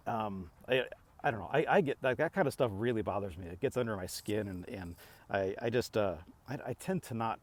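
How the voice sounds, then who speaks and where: A middle-aged man vlogging in a casual, rambling way, exasperated and full of restarts as he acts out both sides of arguments. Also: lowish voice. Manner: exasperated, rambling, lots of restarts and quoted back-and-forth. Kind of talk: casual talking-to-camera rant.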